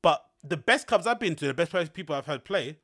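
A man's voice: a little high, lively intonation, a little fast, bright, forceful tone, no echo, studio quality. A man hosting a podcast, rambling in casual slangy chat and laughing often. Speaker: podcast host.

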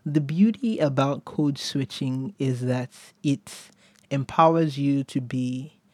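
A man's voice: medium pitch, slow pace, a little mellow, dry recording. A man hosting a solo podcast, musing casually, often chuckling and trailing off before picking his thought back up. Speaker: podcast host.

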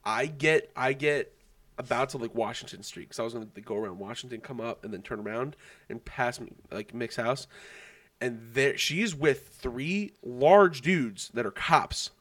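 A man's voice: medium pitch, normal speed. Young guy rambling through a story, cussing a lot, likes "like". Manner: animated, swearing storytelling with lots of fillers. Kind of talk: casual chat.

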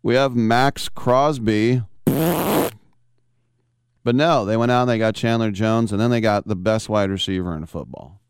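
A man's voice: fairly low pitch, animated, moderate pace, creaky, long pauses, clear, resonant tone, dry recording, studio quality. A man hosting a sports talk radio show, chatting and telling stories with frequent laughs. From Bay Area of California. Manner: chatty, storytelling, laughs often.

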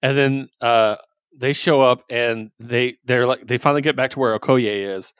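A man casually hosting a podcast and recapping comics with eager, rambling enthusiasm. His voice sits at an ordinary middle pitch. The sound is close and dry, with no room around it. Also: fairly even intonation, normal speed, fairly bright tone, clean tone, no room sound. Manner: enthusiastic, loose recapping with fillers and swearing. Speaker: podcast host reviewing comics. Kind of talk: casual chat.

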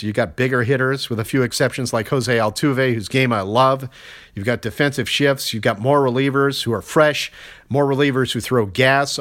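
A man's voice: mid-range voice, a bit bright. Wry older male baseball podcaster. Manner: conversational, wry asides, stats-heavy. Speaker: podcast host. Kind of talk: solo sports commentary.

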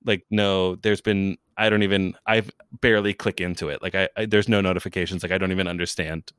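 A young New York man who makes comedic videos chats as a guest in a casual interview, his low voice brisk and clean on a dry, studio-quality recording. He's chatty and animated, leaning on "like," restarting sentences, and laughing often.

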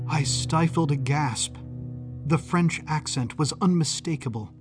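A man giving scripted first-person narration of a suspense story in a measured, suspenseful manner. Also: on the high side, over music.

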